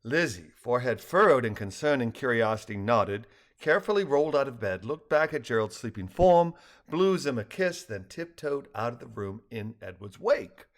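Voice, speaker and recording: Older man reading a story, lively pitch. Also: normal speed. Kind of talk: reading his own story aloud.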